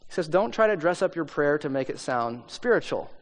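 High-voiced pastor in a reverberant hall. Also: male voice, very animated, brisk. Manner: self-deprecating and conversational, with many fillers. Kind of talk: sermon storytelling.

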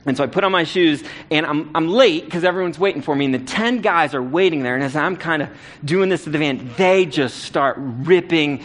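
A man's voice: on the high side, fairly quick, a bit bright. A man preaching a sermon, telling a self-deprecating personal story in a casual, conversational way. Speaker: pastor.

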